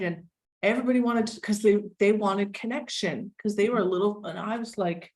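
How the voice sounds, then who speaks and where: A woman in her forties, a guest speaking candidly and wryly in a relaxed conversation. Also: medium pitch, brisk. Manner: frank, wry, self-deprecating.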